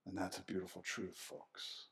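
A middle-aged man preaching a sermon as pastor, animated and swinging between hushed and loud passages. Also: deep voice, moderate pace, gravelly.

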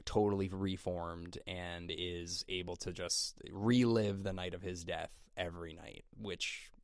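A man's voice: low voice, fairly even intonation, measured pace, no echo, studio quality. A man co-hosting a podcast, chatting casually about a horror film with lots of fillers and restarts. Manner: rambling, many fillers and restarts. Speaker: podcast co-host. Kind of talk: casual movie review chat.

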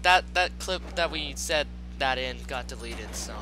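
A man hosting casual gameplay commentary at home late at night, excitable, goofy and full of jokes. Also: mid-range voice, unhurried, few pauses, faint music behind, rough recording. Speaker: gaming host. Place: home gaming setup at night.

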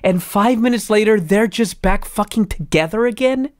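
A podcast co-host telling a wrestling story in casual chat, animated and full of swearing. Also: mid-range voice, moderate pace, no room sound, clean studio sound.

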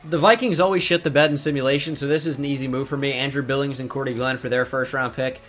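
A man's voice: mid-range voice, fairly even intonation, quick pace, a bit bright, faint music behind. A young man giving casual commentary over a sports video game, blunt and exasperated, swearing freely. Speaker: gaming YouTuber.

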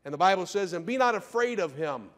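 A man pastor preaching a sermon, firing rhetorical questions and swinging between loud declarations and hushed asides. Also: high-pitched, lively intonation, fast. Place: church sanctuary. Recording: long church reverb.

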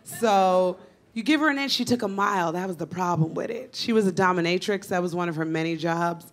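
A woman in her thirties performing a stand-up comedy set on a club stage, with a brash, punchy delivery and sudden shouted bits. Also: lowish voice, a little fast. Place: comedy club stage before a laughing audience. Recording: live club recording with audience laughter.

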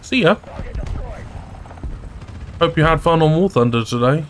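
Male gaming YouTuber, unhurried but animated play-by-play, quick to laugh. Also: fairly high pitch, slight background noise. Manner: excitable, chatty, bursts into laughter. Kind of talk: live gameplay commentary.

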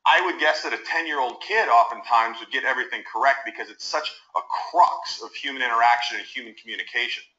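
A man gives an instructional talk, moving animatedly between example tones. His voice is bright and pressed. The recording is roomy and a little muffled, like a played-back video clip. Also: medium pitch, fast, few pauses. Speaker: communication coach.

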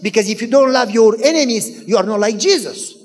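A man's voice: extremely high pitch, expressive, fairly quick. A man voicing his wife as an earnest, scolding woman who presses him with questions, heard in a large hall with long reverb. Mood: insistent.

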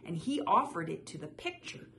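A woman reading a children's picture book aloud in a soft, measured way. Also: fairly low pitch, sing-song, a little hiss or hum. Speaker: storyteller.

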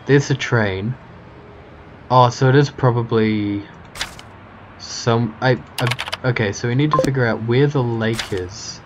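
A man's voice: medium pitch, muffled recording, background noise. A man casually commenting on a video game as he plays, reacting and thinking aloud. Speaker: gamer. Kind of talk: let's play commentary. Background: game music.

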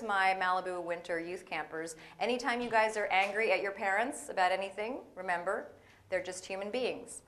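Animated woman telling stories from the pulpit. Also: medium pitch. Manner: animated, playful, acts out voices in stories. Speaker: guest speaker. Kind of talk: comedic sermon storytelling. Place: church hall with audience.

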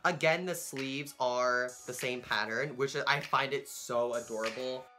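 A man hosting a casual unboxing vlog, talking in a hyper, excitable way and swearing constantly. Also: medium pitch, a little slow. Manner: hyper, excitable and heavily profane. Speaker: vlogger. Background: music.

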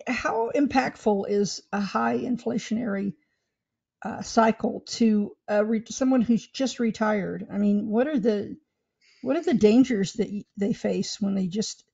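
A woman's voice: on the high side, measured pace, creaky, darkish tone, husky. A woman hosting an interview who asks long, rambling, loosely phrased questions. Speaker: show host. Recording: dull lo-fi audio.

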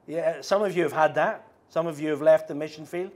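A middle-aged man with a Northern Irish accent preaching a sermon, speaking slowly and deliberately with frequent ums and restarts. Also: on the high side, a little mellow. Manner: slows down, halting with fillers.

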